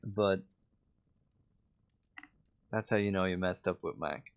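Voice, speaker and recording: Low-voiced Irish man chatting on a stream. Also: slow pace, clean tone, muffled recording. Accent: Irish, Dublin. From Ireland. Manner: anecdotal, self-mocking, with frequent fillers and restarts. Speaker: voice actor streaming. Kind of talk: casual livestream chat.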